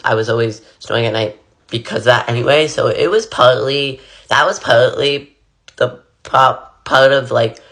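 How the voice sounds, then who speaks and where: A man's voice: medium pitch, fairly bright tone. A young man casually telling a personal story while getting ready, rambling with lots of fillers and repeated "blah, blah.". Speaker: vlogger.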